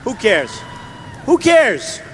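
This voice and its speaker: A sassy, campy politician. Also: male voice, wildly swooping pitch, drawn-out words, slight background noise, full character voice. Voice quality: high, flouncy, sing-song delivery. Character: sassy, campy male politician giving a speech. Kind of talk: parody voiceover of a real speech.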